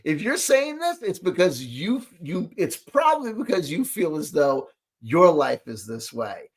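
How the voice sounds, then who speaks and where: A man's voice: fairly high pitch, big pitch swings, a little slow. A man ranting in reaction to a video, sarcastic and exasperated, rambling with lots of fillers. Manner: exasperated, sarcastic, talks back at the clip. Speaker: commentary host reacting to a clip.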